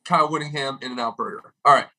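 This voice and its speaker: A young man delivering a comedic podcast rant with animated, exaggerated delivery and swearing. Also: mid-range voice, quick pace, poor audio. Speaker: podcast regular with a comedic food segment.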